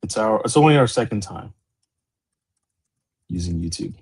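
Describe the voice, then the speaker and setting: Host, man in his forties, husky and low, laid-back rambling livestream chatter. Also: normal speed. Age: 40s. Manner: loose, rambling, animated greetings. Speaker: podcast host. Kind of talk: casual livestream chat.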